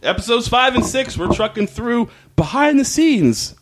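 Animated, lively-voiced male podcast host. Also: very high-pitched, moderate pace. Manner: animated, profane, acts out characters. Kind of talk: casual recap chat.

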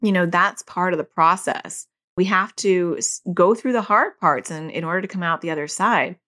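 A middle-aged woman, a mother and parent educator, explaining casually and acting out quoted lines in a higher voice. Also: normal speed, pushed and bright. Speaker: parent educator teaching about OCD.

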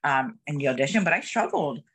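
A woman's voice: sits low, animated, a bit bright, husky. A woman yoga teacher, a guest on a podcast, chatting casually in an upbeat, agreeable way. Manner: upbeat, affirming, quick to agree. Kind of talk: casual chat.

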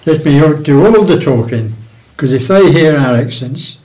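A man's voice: fairly high pitch, animated, a little slow, darkish tone, far from the mic, rough recording. A man voicing a bossy, scheming Irishman with an Irish accent in a told joke, speaking conspiratorially.

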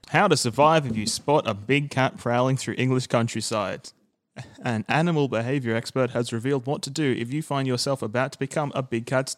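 Guy cohosting a podcast, jokey, stammers and restarts a lot, reads news bits. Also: mid-range voice. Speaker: podcast co-host. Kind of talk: casual chat, reading out news stories.

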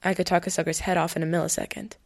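A woman's voice: on the low side, flat delivery, racing, no echo, studio quality. A woman voicing an old male gambler ghost with a southern drawl, telling his story in a folksy, boastful way. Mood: reminiscing.

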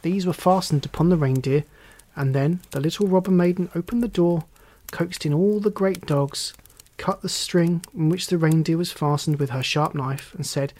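A storyteller reads a fairy tale aloud in a mid-pitched voice. The narration is steady and even from line to line. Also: moderate pace. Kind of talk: storybook reading.

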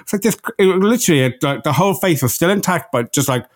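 A young man co-hosting a casual podcast chat, telling a story with lively quoted voices. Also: fairly high pitch, fast. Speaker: podcast co-host.

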